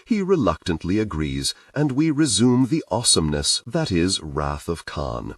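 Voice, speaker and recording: A man with a deep, low voice narrates a first-person audiobook, reading with lively expression. His pitch rises and falls dramatically across every phrase. The recording is dry, with the mic set a little away from him. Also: a little slow, few pauses, no room sound, recorded from a distance.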